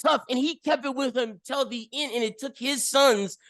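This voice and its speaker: A woman co-hosting a casual film review podcast, animated and ranting with rapid opinions. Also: high voice, dry recording. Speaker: podcast co-host.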